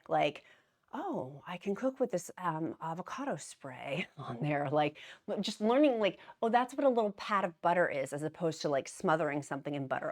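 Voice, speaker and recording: A weight-loss vlogger chats casually to the camera with a lively pitch. She's talkative and jokey, laughs at herself, and calls people "y'all" and "honey."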